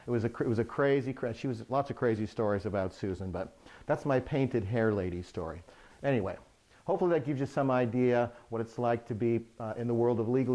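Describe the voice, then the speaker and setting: Man telling a funny work story. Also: mid-range voice. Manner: lively, humorous anecdote-telling. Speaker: remodeling contractor. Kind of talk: storytelling to camera.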